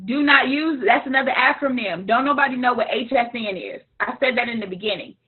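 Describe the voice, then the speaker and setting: Woman coach, frank and animated, husky higher voice, phone-like sound. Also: a little fast. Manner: animated, frank, imitates others playfully. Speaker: business coach. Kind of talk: live coaching session. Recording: tinny phone-like line.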